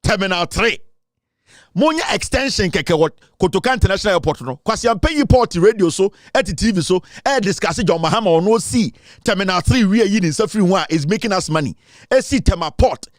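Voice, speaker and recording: Taunting Ghanaian man with a high, lively voice. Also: fairly quick, no room sound, studio quality. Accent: Ghanaian English. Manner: mocking, taunting, laughs often. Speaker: political commentator. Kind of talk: ranting online commentary.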